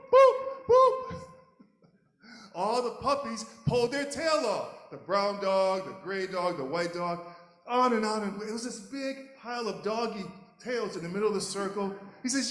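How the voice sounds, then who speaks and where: A man telling a folk tale to a live audience, animated and playful, often chuckling. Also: high voice. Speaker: storyteller. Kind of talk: live storytelling. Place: large hall at a live event. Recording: echoey hall, live audience.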